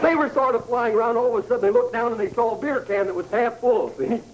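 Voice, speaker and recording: A man's voice: very high-pitched, fast, muffled recording. A man hosting a comedy show, telling a stand-up story and laughing at his own jokes, with voices for the characters. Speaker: comedian host. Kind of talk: stand-up monologue. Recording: noisy old broadcast recording. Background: audience laughter.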